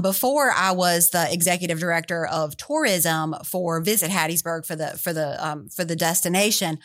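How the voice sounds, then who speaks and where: A woman, a tourism director telling lively stories in a radio interview. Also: fairly low pitch. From Mississippi, USA. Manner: enthusiastic, chatty, with fillers.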